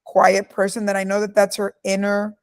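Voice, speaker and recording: A middle-aged woman in an interview, telling stories about her life with emphatic, forceful delivery. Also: mid-range voice, monotone, normal speed. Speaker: guest speaker. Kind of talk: candid interview answers.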